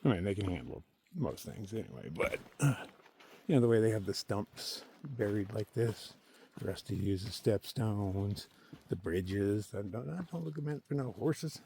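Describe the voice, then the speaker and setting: A man talking casually to his camera while hiking a forest trail, chatty and opinionated, thinking out loud to himself. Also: on the low side, expressive, moderate pace, gravelly. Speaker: solo thru-hiker filming his hike. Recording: faint outdoor noise behind the voice.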